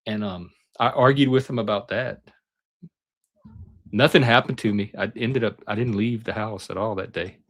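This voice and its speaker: With a lowish voice and moderate pace, the middle-aged panelist shares personal stories casually, bringing the people he quotes to life with animated impressions of their voices.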